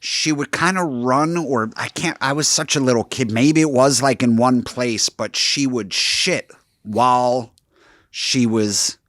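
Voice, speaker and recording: A young comedian recounts childhood stories on a podcast in a deadpan way. His voice sits at a middle pitch. The sound is dry and close. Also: unhurried, dry recording. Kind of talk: casual chat.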